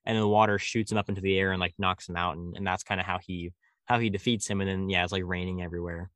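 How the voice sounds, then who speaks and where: A man's voice: low voice, fairly even intonation, fast talker, fairly bright tone, no room sound. A man from California with a slight country drawl, chatting casually and rambling with many fillers. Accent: rural Californian, slight country drawl. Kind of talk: casual conversation.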